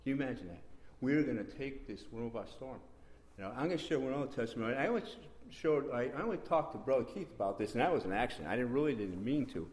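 A man giving a rambling, repetitive spoken testimony in a church meeting room, breaking into sudden excited bursts. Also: medium pitch, quick pace. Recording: roomy echo.

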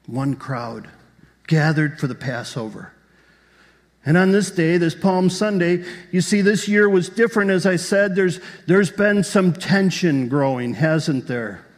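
This pastor speaks a little slowly in a fairly high male voice. His sermon tells the story vividly and asks rhetorical questions of the congregation, and the recording has the long reverb of a large hall.

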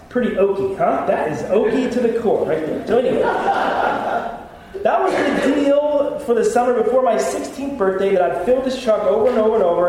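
High-voiced pastor in an echoey hall. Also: male voice, a little mellow, slight background noise. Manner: storytelling, self-deprecating jokes. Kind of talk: sermon with personal stories. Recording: echoey hall, mic at a distance.

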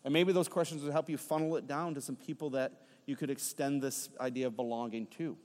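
A man's voice: medium pitch, steady tone, brisk, a little mellow. A middle-aged man preaching a sermon, telling a story with playful asides to his congregation. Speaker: pastor. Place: church sanctuary. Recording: long hall reverb.

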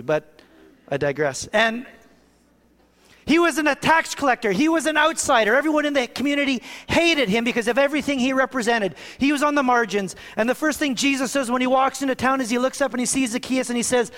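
Guy preaching a sermon, pretty high voice, goes hushed then loud, long hall echo. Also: brisk. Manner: swings from hushed to raised, preacherly emphasis. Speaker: pastor.

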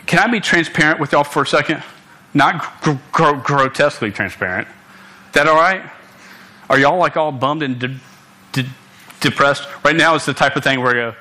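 A young man delivers a sermon to a congregation with a bright, forceful voice pitched a little high. He speaks earnestly, stumbling over words and restarting mid-phrase, and calls out directly to his listeners. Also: normal speed. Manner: earnest, stammering restarts, punchy asides to listeners. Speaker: preacher. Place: room with a live congregation.

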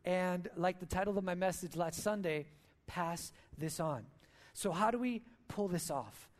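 Guy preaching a sermon, high voice, earnest storytelling, church talk. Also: measured pace. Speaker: church speaker.

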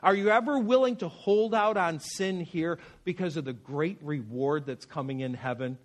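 A man's voice: on the high side, moderate pace. A man preaching a sermon in an earnest, conversational way, with personal stories. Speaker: pastor.

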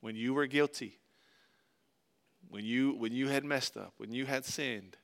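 A man preaching a sermon, reading scripture and explaining it earnestly, rising loud in the story and dropping soft on key points. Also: medium pitch, a little slow, gravelly. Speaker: pastor.

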